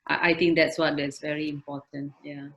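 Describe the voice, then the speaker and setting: A woman's voice: sits low, little pitch movement, moderate pace, rough recording. A middle-aged woman, a health ministry official, speaking earnestly on a webinar panel over a video call with many fillers and restarts. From Malaysia.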